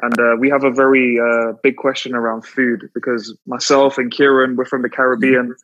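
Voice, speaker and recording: A man's voice: mid-range voice, level tone, normal speed, a bit bright, highs cut off. A man co-hosting a podcast with a London accent, building up to a question with hesitant fillers. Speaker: podcast co-host. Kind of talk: casual interview.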